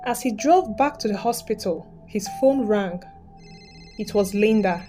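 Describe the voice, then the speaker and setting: A woman narrating a dramatic story in a steady, scripted storytelling style. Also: mid-range voice, unhurried. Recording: background music.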